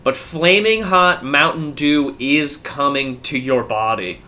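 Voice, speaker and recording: A man's voice: on the high side, slow, sharp tone. A man co-hosting a podcast, chatting casually and telling laid-back stories, swearing now and then. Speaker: podcast co-host. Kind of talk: casual chat.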